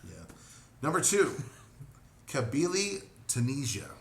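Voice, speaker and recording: A young man co-hosting a podcast in casual chat, joking and excitable. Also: mid-range voice, moderate pace. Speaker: podcast co-host. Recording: echoey room with faint noise.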